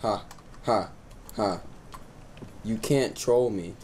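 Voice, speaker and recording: Excitable young man gaming on a headset. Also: takes it slowly, a little hiss or hum. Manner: excitable, teasing, bursts into high yelps. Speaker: let's play host. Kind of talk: casual gaming chat.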